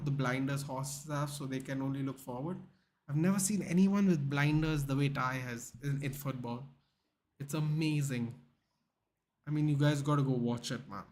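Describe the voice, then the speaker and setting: A young man hosting a live football watchalong, chatting casually, reading the chat and retelling clips in a rambling way. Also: medium pitch. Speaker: live stream watchalong host.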